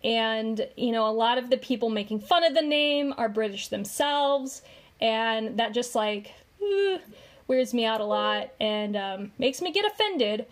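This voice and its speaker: A woman with a fairly high voice talks slowly and unhurriedly on a casual commentary podcast. She is chatty and leans on lots of fillers and hesitations as she explains. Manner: chatty, filler-heavy, drawn-out delivery. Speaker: podcast co-host.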